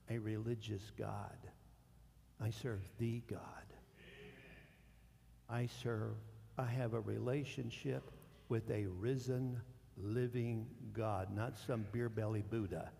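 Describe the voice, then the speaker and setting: A male pastor preaching a sermon, animated, swinging between hushed and loud. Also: medium pitch, gravelly. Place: church sanctuary. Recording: long church hall reverb.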